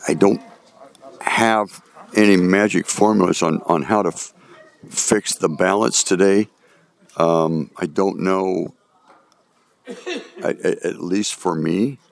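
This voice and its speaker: A man giving a band feedback on their playing, singing and scatting the phrases he means, halting with repeated words and fillers. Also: deep voice, gravelly, no echo. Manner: sings and scats the phrases he describes. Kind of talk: rehearsal critique with sung examples. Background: band music playing.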